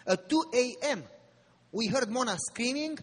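A man preaching a sermon, telling a personal story with drama and rising to fervent appeals in a husky voice. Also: very high-pitched, lively intonation, unhurried. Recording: long reverb of a large hall.

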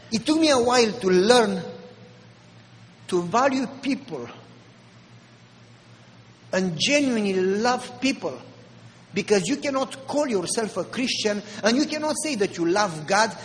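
A man with a Romanian accent, a pastor preaching an animated storytelling sermon with mimicked voices. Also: high-pitched, measured pace, long pauses, big-room sound, a little hiss or hum, poor audio.

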